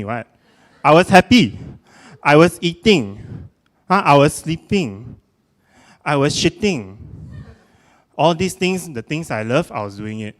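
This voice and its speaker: A young man with a Singaporean English accent giving a self-mocking comic spoken-word performance, exclamatory and animated. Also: a little high.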